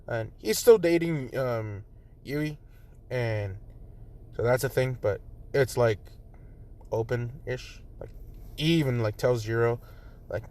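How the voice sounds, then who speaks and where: A young man tells a fan story off the cuff, rambling along with constant fillers and the occasional curse. His voice sits at an ordinary middle pitch and stays loose and unscripted. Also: slow, pauses often, a little mellow. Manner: rambling, filler-heavy, profane. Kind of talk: casual spoken fan story.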